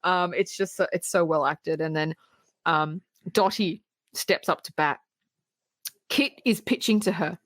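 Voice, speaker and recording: A woman's voice: fairly low pitch, unhurried, dry recording. A woman co-hosting a podcast, animatedly retelling a film in casual chat and often laughing as she acts out scenes. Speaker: podcast co-host.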